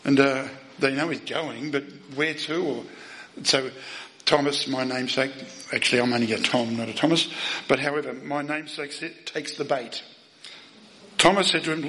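A man preaching a sermon, emphatic, asking the listeners rhetorical questions and swinging between loud and soft. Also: mid-range voice, steady tone, normal speed, poor audio.

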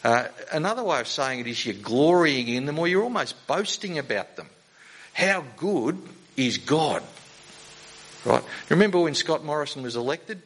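A man's voice: on the high side, lively intonation, a little fast, few pauses, poor audio. A man giving a sermon in a conversational way, often asking the congregation rhetorical questions. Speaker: preacher.

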